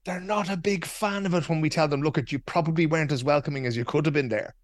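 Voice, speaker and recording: A man hosting a podcast, asking questions in a relaxed conversational way. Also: fairly high pitch, fast talker, no echo. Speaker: podcast host. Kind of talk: conversational interview.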